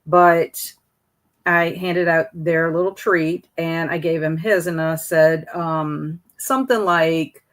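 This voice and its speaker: A woman's voice: low-pitched, steady tone, slow. A middle-aged woman, chatting casually with viewers on her livestream and telling stories from teaching. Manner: chatty, reads out viewer comments. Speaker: host of a livestream.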